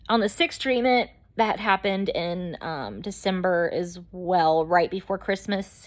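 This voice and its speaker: A woman vlogger telling her own story in a chatty, rambling way with lots of fillers. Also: fairly low pitch. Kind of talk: casual storytelling to camera.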